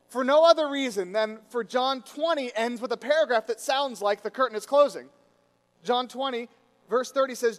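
A man preaching a sermon to his congregation, telling a story with lively, rising emphasis. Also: sits high. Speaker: pastor. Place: church sanctuary. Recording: reverberant hall.

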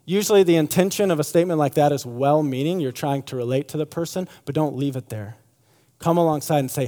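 A man's voice: on the high side, fast, mellow. Casual preacher man in a reverberant hall. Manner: conversational, many fillers and restarts. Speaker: pastor. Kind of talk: sermon.

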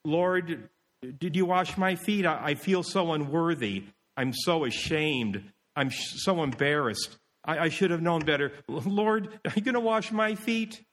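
A man's voice: on the high side, unhurried, a bit bright, big-room sound, pitched above the performer's own voice. A man voicing an anxious disciple, speaking in a raised, questioning tone.

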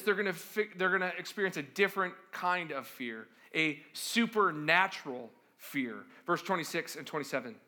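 In a sermon, this male pastor uses a high, bright voice with big swings in pitch. He addresses the congregation like a conversation, checks in through rhetorical questions, and throws himself into dramatic impressions of the people he quotes.

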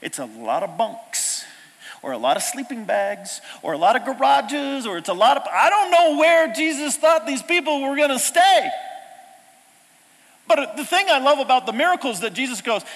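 A man delivers a sermon with a high, bright voice that climbs and drops all over the place. He swings from loud exclamations to hushed, intimate asides. The sound carries the long reverb of a large hall. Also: very animated, moderate pace. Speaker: pastor.

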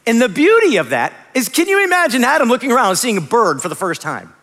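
A man in his thirties preaching a sermon as a pastor, telling stories in a lively, conversational way with quick asides. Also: extremely high pitch. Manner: animated, conversational storytelling with rapid asides. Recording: long hall reverb.

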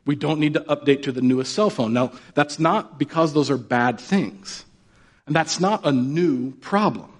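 A man's voice: fairly high pitch, slightly rough. A male pastor delivers a sermon with a slightly raised voice, talking like he is chatting with friends. He jokes and keeps asking his listeners questions. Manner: casual and joking, asks the audience questions. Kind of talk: conversational sermon.

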